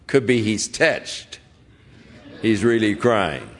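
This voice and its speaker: A middle-aged male pastor who talks in an easy, conversational way. His unhurried delivery gives each point room. He slips into the voices of the people he describes to make his point. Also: mid-range voice, lively intonation. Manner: conversational preaching, acting out quoted voices. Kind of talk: sermon.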